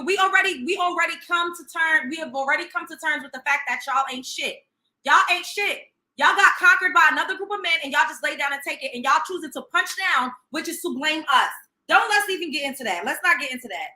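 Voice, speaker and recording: A woman's voice: high voice, expressive, quick pace, pushed and bright. A woman hosting a livestream, reacting in a profane, sarcastic, emphatic rant. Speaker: livestream host. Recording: roomy echo.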